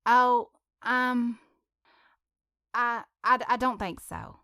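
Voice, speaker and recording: A woman's voice: mid-range voice, expressive, moderate pace, fairly bright tone, no room sound, studio quality, natural voice. A woman voicing a shy, flustered young woman who stammers and hesitates, in a storybook reading.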